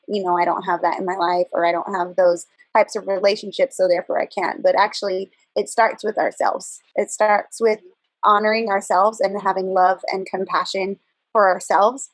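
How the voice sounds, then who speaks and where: A woman's voice: medium pitch, no room sound, poor audio. A woman in a book club discussion, speaking in an earnest, reflective way. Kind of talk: casual group discussion.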